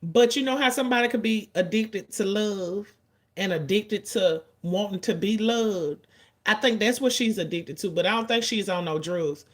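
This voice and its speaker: A woman, giving casual, blunt and profane commentary in an animated storytelling way. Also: mid-range voice, normal speed.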